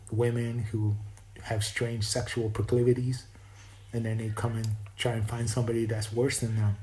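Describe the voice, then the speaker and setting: Speaking in a mid-range, warm voice, a man rambles through a spiritual monologue, reflective and wandering, with frequent restarts. He describes his own East Coast American accent as not perfect. There's a little hiss or hum, and the audio quality is poor.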